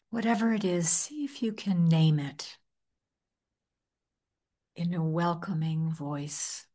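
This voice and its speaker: A woman leading a guided meditation in a gentle, soft-spoken manner, with long pauses. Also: lowish voice. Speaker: meditation teacher.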